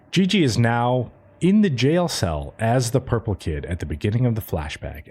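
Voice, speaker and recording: A man's voice: medium pitch, a little mellow, breathy edge. A man co-hosting a podcast, recapping an episode in a casual storytelling manner with plenty of swearing. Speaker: podcast co-host.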